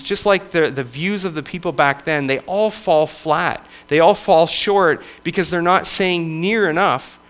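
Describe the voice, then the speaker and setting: A man, a church elder, preaching a sermon in a conversational, halting way with frequent restarts. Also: on the high side, a bit bright.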